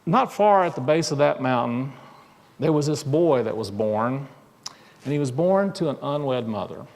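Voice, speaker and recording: A man voicing a friendly, outgoing elderly southern gentleman in a sermon story, with a cheery, folksy lilt. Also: mid-range voice, animated, moderate pace, big-room sound, lightly acted. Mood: storytelling.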